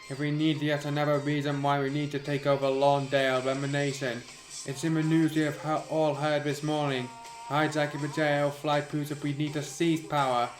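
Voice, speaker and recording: A man's voice: on the high side, little pitch movement, normal speed, close to an everyday voice. Blustering male militia leader read by a man; speech tone, roomy with music. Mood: rousing. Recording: echoey room, music behind.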